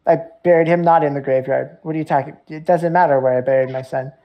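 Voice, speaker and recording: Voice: medium pitch, fairly even intonation, fast, dull audio, natural voice. A game master voicing an agitated, grieving male village priest who stammers out defensive accusations. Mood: defensive anger.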